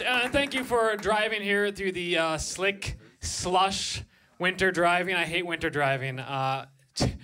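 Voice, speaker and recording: A man in his thirties performs stand-up on a comedy club stage, his voice high and ringing with a bright, forceful edge. He keeps up a lively set and breaks into shouted high voices for his bits.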